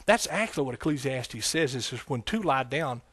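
With lively intonation and a slightly fast pace, a pastor with a mid-range, husky, somewhat bright voice delivers his sermon in a church sanctuary. He begins folksy and conversational, then climbs into emphatic preaching laced with scripture. There's no room sound.

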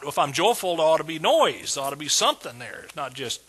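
A man preaching a sermon as pastor, emphatic and repetitive, building words into shouts of praise. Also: a little high, big pitch swings, fairly quick, husky. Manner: emphatic preaching, repeats words with rising intensity.

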